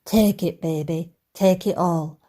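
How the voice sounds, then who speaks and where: A woman voicing a macho romance hero with a Scottish accent, a man's lowered, hammy seductive drawl. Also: fairly even intonation, slow, dark tone.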